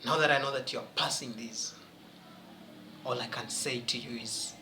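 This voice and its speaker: A man's voice: mid-range voice, steady tone, normal speed, bright, forceful tone, roomy sound, a little hiss or hum, rough recording. A man teaching a French exam-prep lesson, emphatic and questioning his students as he goes.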